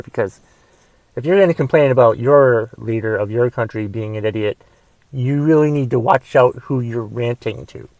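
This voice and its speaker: A young man hosting a comedy podcast, delivering a profane solo rant that swings between shouting and mumbled asides. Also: mid-range voice, no echo. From United States. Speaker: podcast host and stand-up comedian.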